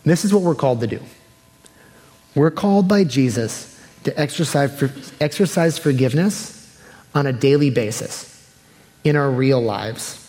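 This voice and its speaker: A man's voice: medium pitch, expressive, moderate pace, pauses often, dark tone. Young guy preaching, chatty, acts out quotes, echoey hall. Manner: conversational, acts out quoted people. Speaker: pastor. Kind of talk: sermon.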